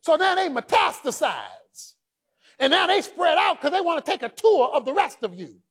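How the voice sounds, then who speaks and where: A male pastor preaching a rousing sermon, repeating lines for the congregation and swinging from shouts down to low, quiet asides. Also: wildly swooping pitch, moderate pace.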